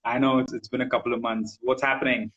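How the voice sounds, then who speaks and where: A male host interviewing a rapper over a video call, laid-back, with halting restarts and frequent agreeing backchannels. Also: medium pitch, flat delivery, fairly bright tone, lo-fi sound.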